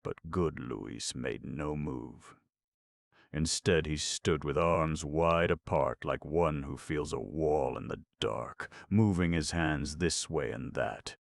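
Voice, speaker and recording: A man with an extremely low, gravelly voice narrates a folk tale at a steady storytelling pace. The recording is dry and close. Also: slow, no room sound. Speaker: audiobook narrator. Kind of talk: scripted narration.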